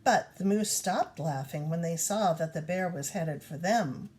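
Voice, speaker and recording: A woman reading a children's storybook aloud in an expressive storytelling manner. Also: fairly low pitch, measured pace. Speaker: reader.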